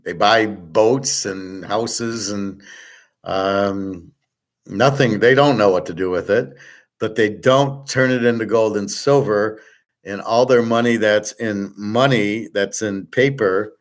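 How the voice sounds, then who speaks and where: A man teaching a relaxed online class, blunt and profane, rambling with restarts and answering viewers' chat. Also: on the low side, slow pace. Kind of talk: casual livestream lecture.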